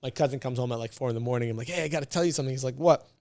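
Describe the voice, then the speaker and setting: A man from the United States, a podcast guest, telling a story in a casual, animated, slangy way and laughing often. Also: medium pitch, racing, no room sound, clean studio sound.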